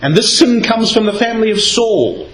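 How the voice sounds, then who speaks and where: A man's voice: high-pitched, normal speed. A man giving a Bible talk, reading scripture aloud and shifting his emphasis as he explains. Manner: expressive, reads scripture aloud with varied emphasis. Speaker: Bible speaker. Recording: echoey hall with faint noise.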